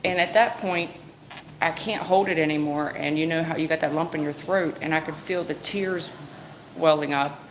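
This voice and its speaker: Woman tarot reader, low voice, casual rambling delivery, faint background noise. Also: fairly even intonation, moderate pace. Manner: rambling, conversational, with fillers and restarts. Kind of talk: live-stream tarot reading and storytelling.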